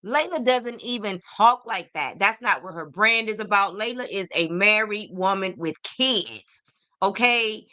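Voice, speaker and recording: A woman's voice: medium pitch, unhurried, bright, forceful tone. A woman hosting a celebrity gossip podcast, sassy and opinionated, talking straight to her viewers. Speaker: podcast host.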